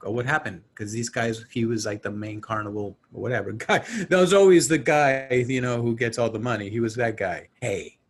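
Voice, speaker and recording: A man's voice: medium pitch, a little fast, hardly any pauses. A man casually retelling a horror movie scene by scene, acting out the characters' lines and laughing often. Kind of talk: casual movie recap chat.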